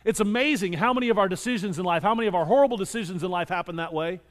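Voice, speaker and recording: A male pastor preaching a sermon with animated delivery, moving between loud emphasis and quiet scripture reading. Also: sits high, rapid-fire, in a large hall.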